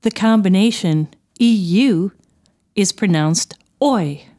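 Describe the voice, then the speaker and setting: A woman narrating a scripted language lesson, explaining sounds clearly and deliberately. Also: mid-range voice, animated, a little mellow. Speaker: language teacher.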